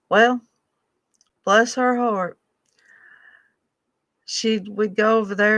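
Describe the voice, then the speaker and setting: Gravelly, folksy woman. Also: medium pitch, a bit bright, dry recording. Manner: folksy, humorous, drawn-out. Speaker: storyteller vlogger. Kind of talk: casual storytelling.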